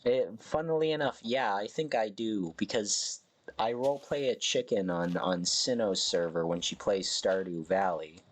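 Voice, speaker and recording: Male streamer, unhurried chatty commentary, rambling self-corrections. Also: fairly low pitch. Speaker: game streamer. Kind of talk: casual live game commentary.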